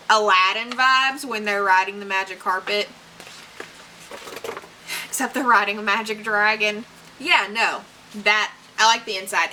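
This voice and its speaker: A young woman with a bright, forceful, mid-range voice unboxes books in a casual vlog, gushing and chatty, with fillers and little laughs as she reads blurbs aloud. The recording is low-quality with slight background noise.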